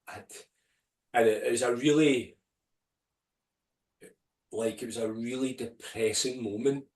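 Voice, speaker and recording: A man's voice: mid-range voice, fairly even intonation, measured pace, a little mellow. A man, a podcast guest, telling a vivid story with swearing and replaying his own inner voice. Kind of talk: storytelling in an interview. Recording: roomy and distant from the mic.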